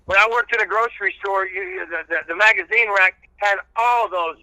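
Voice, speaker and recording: A man's voice: high-pitched, fairly quick, pushed and bright, dry recording, poor audio. A male radio personality talking casually as a guest, rambling with many filler sounds. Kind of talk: casual chat.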